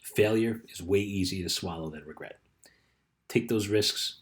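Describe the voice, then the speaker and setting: A man in middle age talks like a life coach giving a relaxed pep talk. His voice sits fairly low, and he tells a story loosely, full of "you know" and "right?" asides. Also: unhurried. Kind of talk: casual motivational talk.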